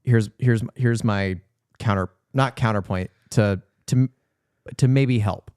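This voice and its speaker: A man's voice: lowish voice, slow, darkish tone, clean tone. A man co-hosting a casual film-review podcast, arguing his point at length with hedges and asides. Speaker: podcast co-host.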